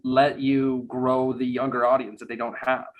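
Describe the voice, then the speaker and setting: A man's voice: mid-range voice, completely flat delivery, normal speed, narrow, tinny audio. A man co-hosting a casual interview, easygoing as he chats and wraps up with plugs. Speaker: podcast co-host.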